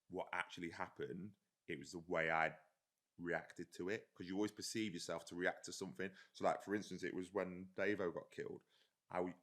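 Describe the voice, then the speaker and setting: A man's voice: sits low, a bit bright. A man, an army veteran, telling stories in a casual, rambling way and swearing freely. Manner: rambling, swears freely, often says "do you know what I mean". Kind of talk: casual storytelling in a podcast chat.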